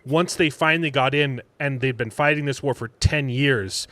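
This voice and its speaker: A man in a casual podcast discussion, emphatic and animated, often cutting in to make his point. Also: mid-range voice, moderate pace. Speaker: podcast guest. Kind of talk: casual chat.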